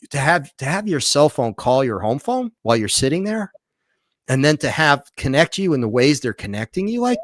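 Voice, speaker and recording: A man's voice: medium pitch, dry recording, studio quality. A man, a documentary filmmaker and author, recounts a story as a podcast guest, restarting and repeating himself as he goes. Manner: animated retelling with frequent restarts and repeats.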